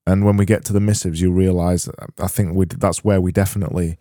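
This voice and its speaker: A man hosting a solo comedy podcast, rambling in a deadpan, self-deprecating way with frequent restarts. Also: low voice, fast talker, no room sound, studio quality. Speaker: podcast host.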